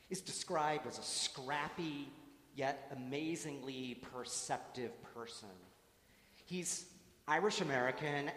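A man preaching from the pulpit, his mid-pitched voice carried on a long, echoing reverb through a church. He reads and speaks with a measured cadence that swells when he tells a story. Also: fairly bright tone, a little hiss or hum. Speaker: priest. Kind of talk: gospel reading and homily.

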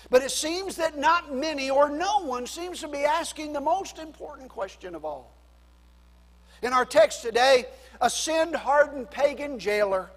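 A man preaching a sermon as pastor, swinging between loud emphasis and quiet drops. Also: extremely high pitch, big-room sound.

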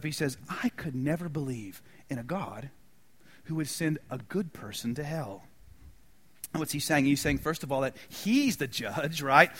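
Man, middle-aged, sermon, animated pitch, slightly high voice, loud then whispered delivery. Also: breathy edge. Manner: dramatic swings from loud preaching to near-whispers. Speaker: pastor.

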